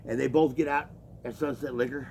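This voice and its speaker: A man's voice: mid-range voice, steady tone, a little fast, creaky, darkish tone, a little hiss or hum, poor audio. A man venting a long story in casual, profane, rambling talk, acting out what was said back and forth. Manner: profane, rambling, acts out quoted exchanges. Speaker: laborer telling his story.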